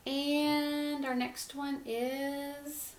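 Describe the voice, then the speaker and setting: A woman teaching a phonics lesson to young children, sounding out words letter by letter and gently encouraging them. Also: high voice, flat delivery, very slow, a little hiss or hum. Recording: echoey room with faint ambience.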